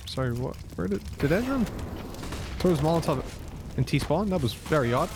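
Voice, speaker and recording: A man from Ireland with an Irish accent tinged with American, commentating an esports match with jokey banter and excited play-by-play. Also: a little high, normal speed, pauses often, background noise. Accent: Irish, mixed with American. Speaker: esports caster.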